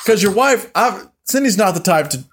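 Higher-voiced man asking teasing questions. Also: expressive, moderate pace, noisy background. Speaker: podcast co-host. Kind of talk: casual chat.

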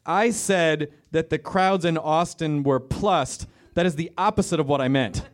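A man's voice: fairly high pitch, unhurried. A man hosting a stand-up showcase on a club stage, rambling and self-deprecating as he introduces the next act. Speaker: comedy show host. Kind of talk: stand-up emcee.

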